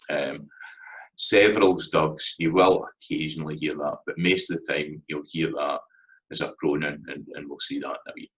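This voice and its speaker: A man's voice: extremely low pitch, a bit bright, poor audio. A Scottish man giving a casual spoken lesson, loose and conversational, often checking in with "right?". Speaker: language teacher.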